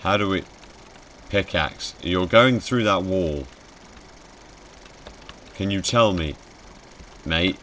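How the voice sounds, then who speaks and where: A man with a very low, deep voice gives loose, sarcastic commentary while playing a game. He swears freely and jumps at anything spooky. A faint hiss sits under his voice. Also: slow pace, pauses often, bright, forceful tone. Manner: sweary, sarcastic, easily startled. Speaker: game streamer. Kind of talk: casual gameplay commentary.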